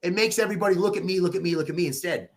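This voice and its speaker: A man telling stories as a podcast guest, animated and swearing freely, quoting people in lively voices. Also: high-pitched, very fast. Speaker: podcast guest, real estate agent. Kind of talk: casual podcast interview.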